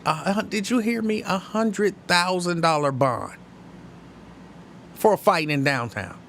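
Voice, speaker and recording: A man from hosting a live-stream show, chatting casually and reading viewer comments, opinionated and halting, with many restarts. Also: sits high, expressive, fairly bright tone, slight background noise. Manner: conversational, opinionated, halting with frequent restarts and fillers.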